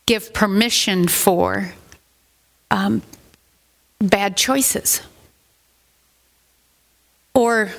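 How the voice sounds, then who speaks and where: A woman's voice: medium pitch, vocal fry, a bit bright. A middle-aged woman pastor giving a sermon in a conversational, rambling way, with asides that rise into emphatic questions.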